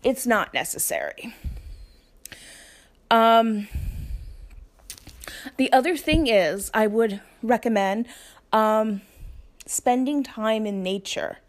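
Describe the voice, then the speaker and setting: Woman, unhurried delivery, slightly high voice, hesitant with many fillers, dry close sound. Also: no room sound. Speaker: solo vlogger giving spiritual practice tips. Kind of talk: casual reflective talk to camera.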